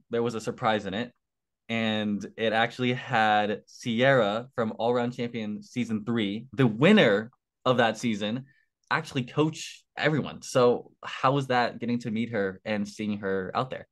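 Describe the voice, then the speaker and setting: A man's voice: mid-range voice, measured pace. Young man, rambling casual interviewer. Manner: rambling, filler-heavy, apologetic. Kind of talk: casual chat.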